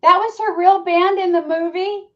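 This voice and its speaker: High-voiced woman with dull lo-fi sound. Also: steady tone, moderate pace, a bit bright. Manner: enthusiastic, rambling anecdotes. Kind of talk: casual livestream chat. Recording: dull lo-fi stream audio.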